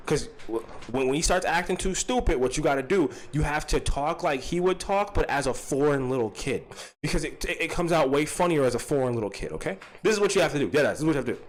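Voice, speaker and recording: A man's voice: on the high side, animated, quick pace. A man hosting a reaction stream, ranting and mocking a clip's subject in profane commentary. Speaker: host reacting to clips.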